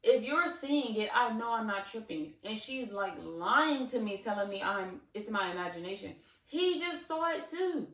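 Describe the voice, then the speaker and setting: A woman in her twenties telling a casual storytime on her channel, animated and digressive, with lots of fillers and asides. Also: medium pitch, normal speed, hardly any pauses. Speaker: vlogger. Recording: roomy, slightly distant mic.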